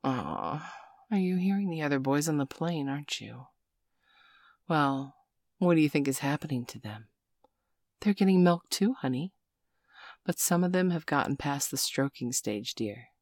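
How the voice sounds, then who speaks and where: Woman, whispered role-play, very deep voice, gravelly, coaxing and teasing, dry close mic. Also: lively intonation, darkish tone, no echo. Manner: slow, coaxing, teasing, full of pet names. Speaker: audio role-play performer.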